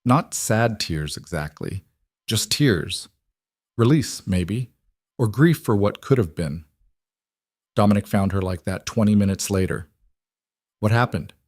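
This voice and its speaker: A man giving measured, scripted story narration. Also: lowish voice, animated, darkish tone, no room sound, clean studio sound.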